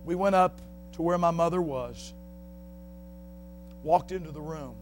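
A middle-aged male preacher giving a sermon, shouting at the top of his voice at times and dropping to quiet storytelling at others. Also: on the high side, a little slow, faint music behind.

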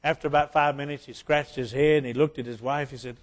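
A man's voice: medium pitch, fairly even intonation, quick pace. A man from West Virginia with an Appalachian accent, a guest preacher mixing jokes into a folksy sermon and rising to fervent appeals.

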